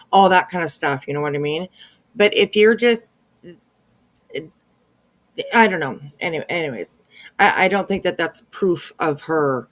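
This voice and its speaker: A woman hosting a casual commentary stream, chatty and agreeable, with many fillers and restarts. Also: sits low. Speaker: commentary channel host.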